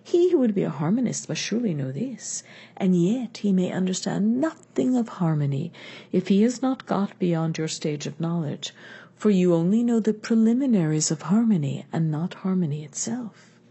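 A woman's voice: on the low side, animated, moderate pace, mellow, breathy edge, exaggerated voice. A woman reading the lines of an older male philosopher in a patient, questioning manner. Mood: reasoning. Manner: reasoned, questioning delivery.

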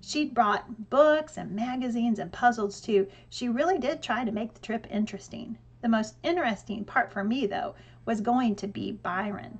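A woman narrating an audiobook in a lively storytelling way with dry humor. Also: fairly high pitch, moderate pace, hardly any pauses.

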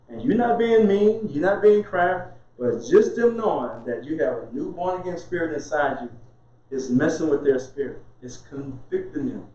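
A man delivers a chatty, lively sermon in a somewhat high voice. He keeps laughing and answers his own questions. The sound is heavily echoey and muffled. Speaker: minister. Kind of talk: informal conversational sermon.

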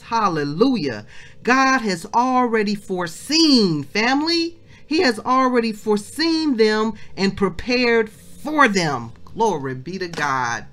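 Fervent woman preaching a devotional. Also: mid-range voice. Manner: repeats phrases, swings from hushed prayer to loud exhortation; informal, addresses listeners as family. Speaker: ministry leader giving a devotional.

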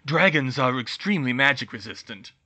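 A man's voice: mid-range voice, lively intonation, bright, forceful tone. A man reading a lecturing grown wizard. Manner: lecturing, measured. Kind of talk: audiobook reading of fan fiction.

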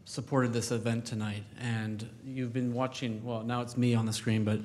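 A man, the new chief executive, addressing a dinner audience in a relaxed, informal way. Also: medium pitch, normal speed. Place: banquet hall.

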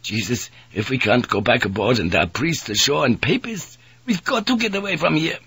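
A man's voice: medium pitch, lively intonation, brisk, a bit bright, slightly rough, no echo, pitched above the performer's own voice, full character voice. A man voicing a terrified sailor who pleads in a trembling voice. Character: terrified male sailor, near hysterical.

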